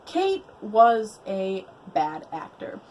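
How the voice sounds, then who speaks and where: A woman's voice: mid-range voice, very animated, drawn-out words, darkish tone, a little hiss or hum, poor audio. Chatty young woman giving blunt opinions. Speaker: movie reviewer. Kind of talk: casual chat.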